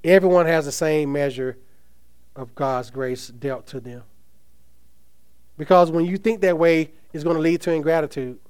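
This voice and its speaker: Emphatic preaching man, smooth voice. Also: fairly high pitch, moderate pace, long pauses, darkish tone. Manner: emphatic preaching, reads scripture aloud, asks the congregation questions. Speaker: pastor. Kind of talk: sermon.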